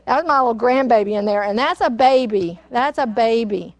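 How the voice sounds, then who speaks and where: A woman's voice: fairly high pitch, fairly quick, hardly any pauses. An older woman, hosting a casual cooking demonstration and chatting in a rambling, storytelling way. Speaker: cooking show host. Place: kitchen studio.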